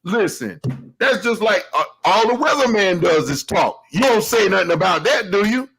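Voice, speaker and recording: A man's voice: sits high, animated, normal speed, creaky, fairly bright tone, husky, low-quality recording. A man hosting a show, delivering a heated, profane commentary rant with emphatic, laughing delivery.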